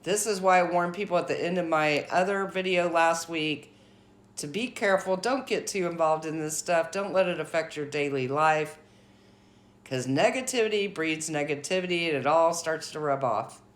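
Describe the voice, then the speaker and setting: A woman's voice: sits low, normal speed. A woman hosting her own commentary vlog, giving blunt, outspoken opinions in a casual talking style. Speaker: commentary channel host.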